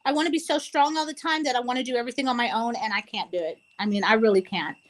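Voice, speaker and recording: A woman's voice: on the high side, quick pace, poor audio. A woman co-hosting a casual talk show, speaking earnestly and tearfully with many restarts. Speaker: co-host. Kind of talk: emotional casual chat.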